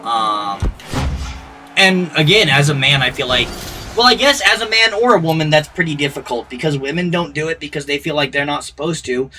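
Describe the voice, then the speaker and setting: A man's voice: fairly high pitch, lively intonation, fairly quick, sharp tone, distant mic, a little hiss or hum. A man in his thirties chatting casually as a gaming streamer, rambling, blunt and profane. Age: 30s. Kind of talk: casual off-the-cuff chat. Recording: voice a little off-mic with faint music. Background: faint music.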